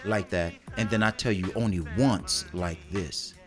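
Man co-host, lowish voice, animated delivery, faint music behind. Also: unhurried. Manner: animated, acts out quotes with big pitch jumps. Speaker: podcast co-host. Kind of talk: casual relationship talk.

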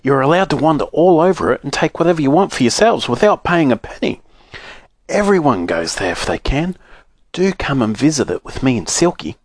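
A cheerful, welcoming magical man, put on by a man reading a storybook. The voice moves with a lively lilt and is recorded dry and close. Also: fairly high pitch, a little fast, dry recording, voice pushed up. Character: friendly magical man with a round moon face.

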